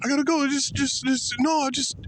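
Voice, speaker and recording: A shrill, hysterical young woman, as a man puts her on in a high squeal, pleading over and over. The voice jumps far above his own and rings loud. Engine and road noise hum behind. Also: fairly even intonation, a little fast. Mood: panicked. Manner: shrill, pleading, repeating herself.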